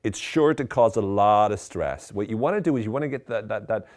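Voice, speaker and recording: A man's voice: fairly low pitch, animated, a little fast, darkish tone. A man giving mock-serious, tongue-in-cheek self-help advice in a conversational, ironic way.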